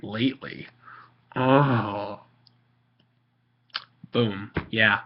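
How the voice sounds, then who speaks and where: A man's voice: fairly low pitch, fairly even intonation, extremely slow, lo-fi sound. A teenage boy ranting casually on a vlog, rambling with lots of fillers, restarts and swearing. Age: teens. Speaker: video maker.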